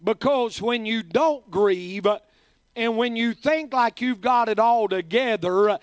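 A man delivers a sermon in a preaching cadence. He asks rhetorical questions and shouts for emphasis. His voice sits very high and he takes his time, heard close and dry with no room sound. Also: slow, clear, resonant tone, dry recording. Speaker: pastor.

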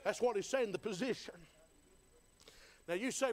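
A man's voice: high voice, normal speed, pauses often. A man preaching a sermon in a folksy, fervent style, building in intensity. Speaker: pastor.

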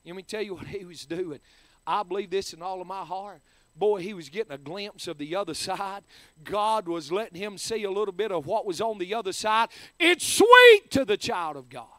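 A middle-aged male pastor preaching a sermon with passion, moving between shouted lines and hushed, earnest ones. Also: sits high, a little fast, no echo. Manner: impassioned preaching, ranging from shouts to hushed tones.

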